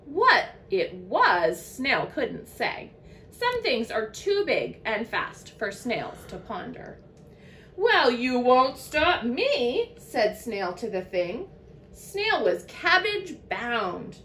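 A woman teacher reading a children's picture book aloud to young listeners, in an expressive storytelling manner. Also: on the high side, slow, a little hiss or hum.

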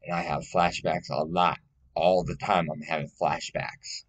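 A man's voice: sits low, flat delivery, unhurried. A man speaking in a casual personal monologue, rambling and blunt, swearing often and pleading emotionally.

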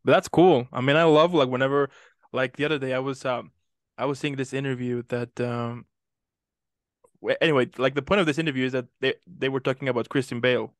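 Smooth-voiced man hosting a chat. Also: mid-range voice, fairly even intonation, a little fast, no echo, studio quality. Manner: enthusiastic, rambling questions. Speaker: interview host. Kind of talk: casual interview chat.

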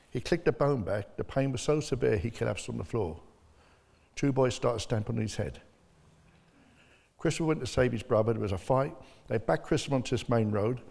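A man's voice: medium pitch, gravelly, a little mellow, husky. An older man, bluntly telling his personal story as an interview guest. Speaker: bereaved father, interview guest. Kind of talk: personal testimony. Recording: long hall reverb.

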